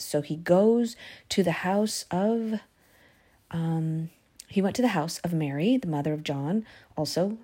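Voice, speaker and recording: A woman teaching a casual Bible lesson, retelling the stories in a lively way with many fillers. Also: sits low, husky.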